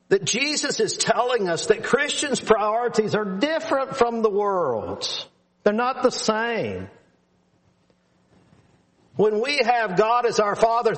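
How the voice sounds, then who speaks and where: A man preaching a sermon to his congregation in an earnest, emphatic way, repeating phrases for stress. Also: on the high side.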